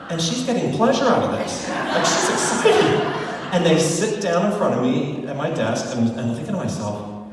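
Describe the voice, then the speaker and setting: A man leading a motivational sales training for a live audience, chatty and animated, joking with the crowd. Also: fairly high pitch, moderate pace, very noisy. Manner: chatty, animated storyteller who jokes with the crowd. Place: large hall with live audience. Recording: echoey hall, far from mic.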